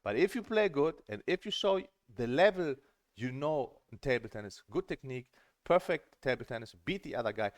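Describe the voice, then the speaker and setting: A middle-aged man coaching on a stream in a casual, earnest and emphatic way, often repeating words when he gets excited. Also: medium pitch, a little fast, no room sound. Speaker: table tennis coach and streamer.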